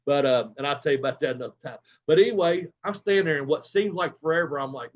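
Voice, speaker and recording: A man's voice: on the high side, lively intonation, fast. A man guesting on an interview, telling rambling, profane anecdotes with laughs along the way. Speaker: guest, former wrestler. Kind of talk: casual storytelling interview. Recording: dull lo-fi sound.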